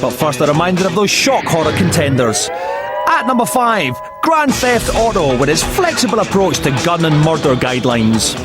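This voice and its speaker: A man's voice: fairly high pitch, sing-song, normal speed, loud music behind the voice. A man hosting a video game TV show in a wry, mock-pompous, jokey style. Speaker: host. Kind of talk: comic scripted TV presenting.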